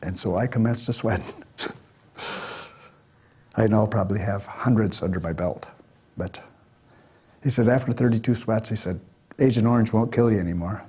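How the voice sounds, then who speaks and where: An older man tells his stories to a room in a folksy, rambling manner, chuckling as he goes. His voice is low and husky. The recording is dull and lo-fi. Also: normal speed, pauses often. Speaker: speaker telling life stories to an audience. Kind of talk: storytelling talk.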